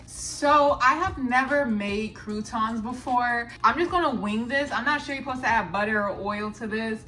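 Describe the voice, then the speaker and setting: Young woman vlogger, joking and cussing as she cooks. Slightly high voice, recorded from a distance, with music in the background. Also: expressive, normal speed, few pauses, bright, forceful tone. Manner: chatty, profane, jokey self-narration. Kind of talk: casual cooking vlog. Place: home kitchen. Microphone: phone on a charger, away from the stove.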